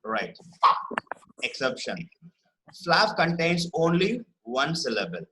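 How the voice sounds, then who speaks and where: A man teaching a spelling lesson online, explaining rules patiently and often checking in with "right?" and repeating key words slowly. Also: on the high side, very animated, a bit bright, low-quality recording. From India.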